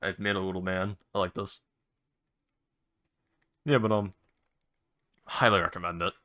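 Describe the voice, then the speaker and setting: A man's voice: deep voice, steady tone, unhurried, pushed and bright. A young man hosting a solo podcast, chatting casually and rambling with restarts, mild swearing and eager recommendations. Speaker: podcast host.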